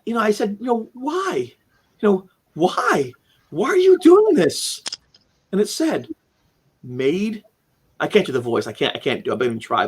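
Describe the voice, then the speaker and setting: A man's voice: sits high, slightly rough. A man telling a personal story as an interview guest, acting out quoted lines with sudden jumps in voice and frequent restarts. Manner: animated storyteller, acts out quotes, many restarts.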